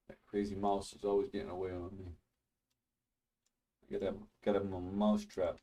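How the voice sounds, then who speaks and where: A rather low male voice in a laid-back, chatty study-stream delivery, talking from home. He rambles with easy laughs and restarts, pitched to a viewer audience. The mic sits a bit away from him, so the sound has some distance. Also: flat delivery, moderate pace, pauses often. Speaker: streamer teaching a networking course. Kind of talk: casual study stream talk. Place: his home.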